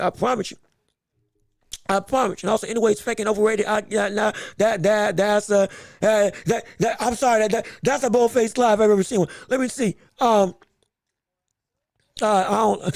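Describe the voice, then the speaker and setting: Excitable high-voiced man with gravelly edge. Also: dry recording, studio quality. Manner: excitable, rambling, repeats words, reads chat aloud. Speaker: boxing podcast host. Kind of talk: casual livestream commentary.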